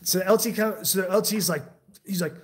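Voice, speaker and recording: A young man telling a war story in casual chat, rambling and swearing, with many fillers and restarts, dropping low and quiet when he quotes others. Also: moderate pace, noisy background.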